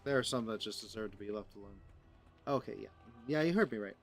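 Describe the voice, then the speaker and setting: A man's voice: lowish voice, fast talker. A man giving casual commentary over his gameplay, rambling and joking with lots of filler words. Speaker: gaming streamer.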